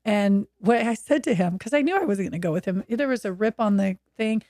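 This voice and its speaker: Woman, 50s, from Oregon, podcast guest; animated, candid storyteller, mid pitch, dry sound. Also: a little fast, no room sound. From Oregon, USA. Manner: animated, acts out quoted voices. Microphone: video call.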